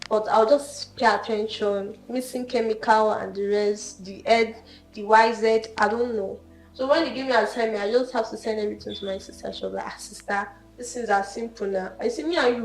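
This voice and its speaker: A young woman student talks in a casual, storytelling way. Her voice rings in an echoey room. Faint music plays under her. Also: on the high side. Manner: chatty, storytelling, animated. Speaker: banking and finance student. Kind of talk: casual group discussion.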